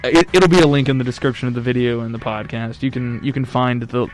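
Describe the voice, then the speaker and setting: A young man hosting a casual college radio podcast, tossing out deadpan, absurd quips. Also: mid-range voice, quick pace, faint music behind. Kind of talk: casual chat.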